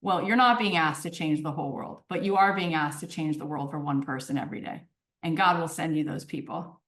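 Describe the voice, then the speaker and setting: Animated woman telling stories in a roomy space. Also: low voice, brisk, recorded from a distance. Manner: animated, keeps checking in with "right?" and "okay?". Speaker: podcast guest. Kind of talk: storytelling in conversation. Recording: roomy echo.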